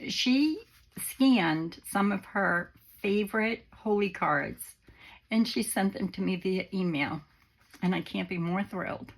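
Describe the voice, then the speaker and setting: An unwell woman hosts her crafting vlog, talking to viewers in a slow, unhurried way. Her voice is gravelly and a little husky, sitting on the lower side. She sounds gentle and sentimental. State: unwell, on antibiotics. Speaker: crafting channel host. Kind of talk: casual vlog chat to viewers.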